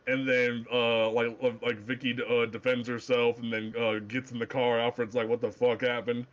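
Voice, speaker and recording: A man co-hosting a casual comic book podcast, talking in an animated, profane way with stammering restarts. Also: medium pitch, moderate pace, muffled recording. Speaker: podcast co-host.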